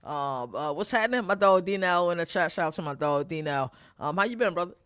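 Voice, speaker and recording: High-voiced animated male sports host. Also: a little fast, clean tone. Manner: animated, rambling, frequent shout-outs. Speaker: podcast host. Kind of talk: casual sports talk.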